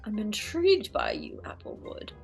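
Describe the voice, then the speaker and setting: A woman game master narrating a tabletop game, with relaxed fillers and pauses. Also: mid-range voice, gravelly, music in the background.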